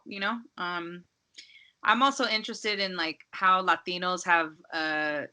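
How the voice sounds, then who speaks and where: Bright-voiced, low-pitched DJ woman. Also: measured pace. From Los Angeles. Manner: relaxed, rambling, heavy use of "like" and "um". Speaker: DJ and guest. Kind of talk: casual podcast chat.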